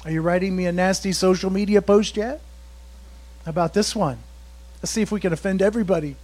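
A man preaching a sermon as pastor, slowing down for emphatic quotes and chuckling between points. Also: sits high.

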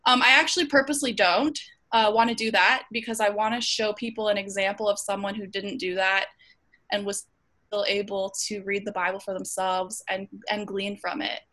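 A woman's voice: mid-range voice, steady tone, normal speed, sharp tone. A woman hosting an online Bible study over a video call, speaking earnestly with frequent ums and restarts. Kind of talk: casual group discussion.

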